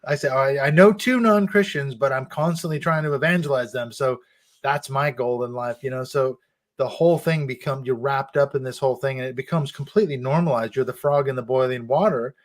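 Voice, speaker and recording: A middle-aged man, a guest author, talking casually and telling animated stories about his upbringing, laughing now and then. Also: mid-range voice, brisk. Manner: animated storytelling with frequent laughs. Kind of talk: casual conversation.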